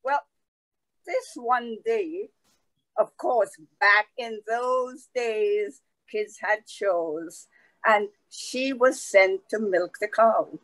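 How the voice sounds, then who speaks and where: A woman telling a folk tale aloud in a slow, conversational way, with asides to her listeners. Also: medium pitch, fairly bright tone, dry recording, rough recording. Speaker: storyteller. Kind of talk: oral folk storytelling.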